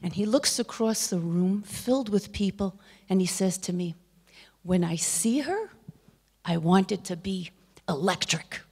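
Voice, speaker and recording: A woman's voice: mid-range voice, expressive, unhurried, a little mellow, husky. A middle-aged woman giving a Torah lecture, telling stories, acting out the dialogue and dropping to a whisper for emphasis. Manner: storytelling, acts out quoted dialogue. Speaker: speaker.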